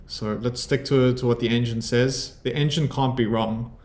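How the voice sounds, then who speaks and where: A man's voice: mid-range voice, steady tone, moderate pace, darkish tone, reverberant. A South African man from South Africa, a chess streamer chatting casually and thinking aloud about his moves as he plays. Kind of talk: casual commentary over his own chess game.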